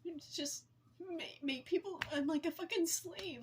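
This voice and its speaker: A woman in her forties venting to camera in a raw, blunt, heavily profane way, with halting, emotional phrasing. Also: extremely high pitch, slight background noise. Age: 40s. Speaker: vlogger.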